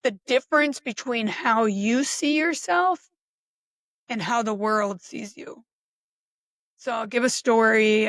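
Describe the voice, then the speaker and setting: Musing woman with a fairly high voice. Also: fairly bright tone, dry recording. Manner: musing, conversational, with frequent restarts and short laughs. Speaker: self-reflection podcaster. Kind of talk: unscripted personal reflection monologue.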